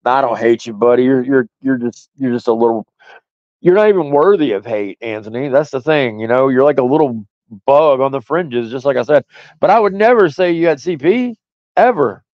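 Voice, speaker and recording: A man's voice: mid-range voice, animated, moderate pace, dry recording, dull audio. A man hosting a stream, delivering a profane, mocking and combative ranting monologue. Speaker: stream host.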